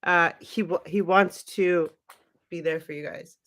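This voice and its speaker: A woman's voice: on the low side, steady tone, unhurried, fairly bright tone. A woman hosting a casual livestream, chatty and giggly, who swears freely and talks straight to her viewers. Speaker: livestream host.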